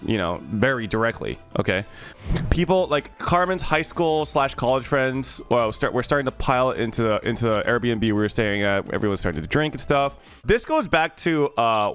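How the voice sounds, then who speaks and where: A man's voice: mid-range voice, moderate pace, clear, resonant tone. A young man, a streamer, casually telling a story to his viewers, swearing freely and breaking into laughs and yelps. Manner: animated, profane, laughs and yelps in excitement.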